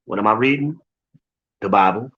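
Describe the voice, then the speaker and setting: A man with a low voice teaches scripture informally and emphatically. He drives his points home by repeating phrases and addressing listeners directly. The recording sounds dull and lo-fi. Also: normal speed, fairly bright tone. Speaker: Bible teacher.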